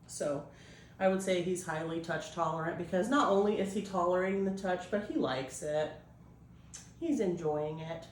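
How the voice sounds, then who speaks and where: A woman breeder explaining a puppy temperament test, switching between high coaxing puppy talk and calm explanation. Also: far from the mic, a little hiss or hum. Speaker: dog breeder. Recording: echoey room, voice off-mic.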